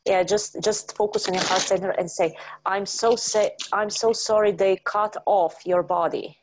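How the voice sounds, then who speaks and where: A woman's voice: mid-range voice, fairly even intonation, normal speed, a little hiss or hum, low-quality recording. A woman leading a guided healing session, chanting short words over and over and giving phrases for her guest to repeat. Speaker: spiritual healer.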